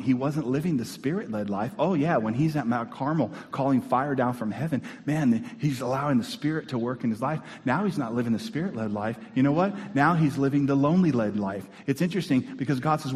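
A male pastor preaching a sermon, animated and calling out to his congregation. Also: medium pitch. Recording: long reverb in a church hall.

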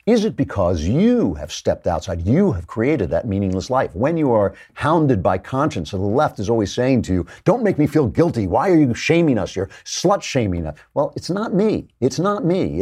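A middle-aged man hosting a commentary show, talking through literature with theatrical, animated delivery and dramatic readings of verse. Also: on the low side, slightly rough. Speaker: podcast host.

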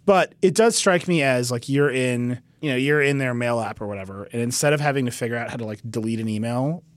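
A man's voice: mid-range voice, dry recording. Joking man with a dry close sound. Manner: joking, quick, laughs often. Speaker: podcast host. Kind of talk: casual tech podcast chat.

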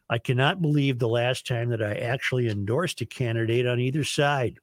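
A man hosting a talk radio show, reading listener emails in a relaxed, chuckling way with halting restarts. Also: mid-range voice, no echo.

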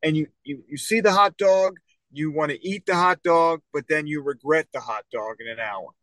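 A man with a Philadelphia accent co-hosting a casual wrestling podcast, playful, stammering and quick to apologize. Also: fairly high pitch, fairly bright tone, no echo. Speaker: podcast co-host.

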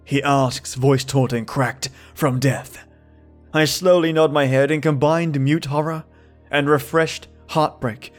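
A man narrating a first-person horror story from a script, measured and tense. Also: fairly high pitch, fairly even intonation, soft background music.

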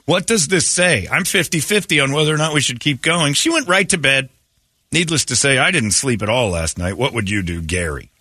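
A man's voice: a little fast, no echo, clean studio sound. A man hosting a casual morning radio show, joking and bantering with his co-host. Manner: animated, jokey, jumps into mocking high voices.

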